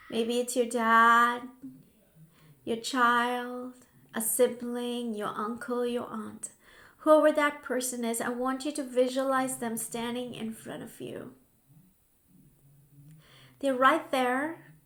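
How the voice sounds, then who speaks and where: A woman guiding a grief tapping session in a slow, soothing voice, now and then dropping to a soft whisper. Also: high voice, echoey room. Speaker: healing coach.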